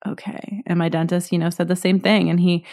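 A woman in her thirties talks straight to her listeners in a solo podcast episode. Her voice sits a little low, and she rambles candidly, full of "like" and self-corrections. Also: flat delivery, fast talker, darkish tone. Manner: candid, chatty, many fillers and restarts. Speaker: podcast host.

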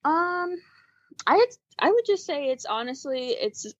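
A woman guest on a podcast, talking earnestly and chattily about her small business, with soft laughs along the way. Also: sits high, lively intonation, measured pace, no room sound. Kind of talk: casual interview chat. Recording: dull, dry remote call audio.

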